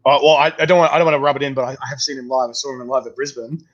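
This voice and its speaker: An Australian man hosting a casual chat; he talks in an excitable, chatty way and swears freely. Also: medium pitch, racing. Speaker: host. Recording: dull lo-fi audio.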